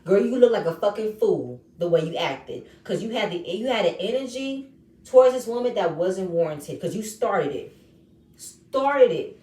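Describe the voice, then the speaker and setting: A woman recapping a reality show episode in casual, animated commentary, acting out the quoted lines in changing voices. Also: mid-range voice, normal speed, far from the mic. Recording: echoey room, voice set back from mic.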